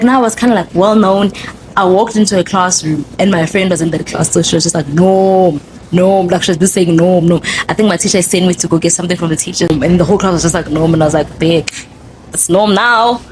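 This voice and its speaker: A young woman with a South African Zulu accent, hosting a podcast and telling her story in a casual, animated monologue. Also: fairly low pitch, background noise. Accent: South African, Zulu-speaking. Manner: chatty, code-switching, animated storyteller. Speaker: podcast host.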